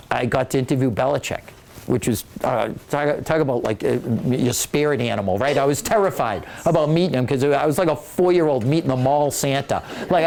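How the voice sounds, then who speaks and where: A man, an author, giving a casual, animated storytelling talk to an audience in a library, joking as he goes. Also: mid-range voice, creaky. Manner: animated, joking, acts out quoted voices. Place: public library meeting room.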